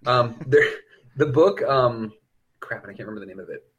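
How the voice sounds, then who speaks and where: A man's voice: medium pitch, a little fast, fairly bright tone, slightly rough. A man co-hosting a podcast, talking casually and animatedly about a film. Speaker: podcast co-host.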